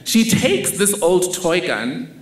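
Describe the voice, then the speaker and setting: Slow, wry man in a roomy hall. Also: sits high, big pitch swings. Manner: measured, wry, personal storytelling. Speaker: speaker. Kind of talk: storytelling talk on stage. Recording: roomy hall with faint ambience.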